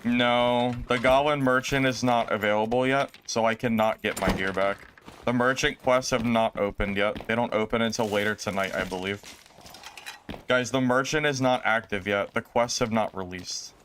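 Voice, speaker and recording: A man's voice: medium pitch, fairly even intonation, moderate pace, a bit bright, a little hiss or hum. A man streaming a video game live, commenting with exasperation and talking to his chat. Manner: exasperated, lamenting, talks to chat.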